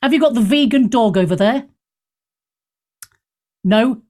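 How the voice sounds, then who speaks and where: A woman hosting a radio talk show, blunt and straight-talking, speaking in an opinionated, animated way from a studio. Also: a little high, measured pace.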